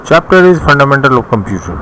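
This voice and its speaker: A man with a Bangladeshi English accent teaching a recorded computer lesson, reading his notes slowly with pauses and some restarts. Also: mid-range voice, sing-song, pushed and bright, rough recording. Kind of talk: recorded classroom lecture. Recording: faint background noise.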